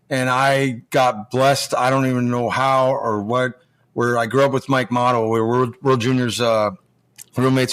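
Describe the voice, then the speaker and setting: His tone fairly bright and his pitch in the middle, a man in his forties spins loose, rambling stories on a podcast, often restarting mid-thought. A former pro hockey player turned junior coach, he swears freely and performs the other voices, keeping it casual and conversational.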